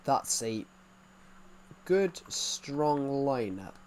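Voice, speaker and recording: A man's voice: medium pitch, sing-song, drawn-out words, darkish tone, slight background noise. A man casually chatting while streaming a game, rambling and reacting to viewers' comments. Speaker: gaming streamer.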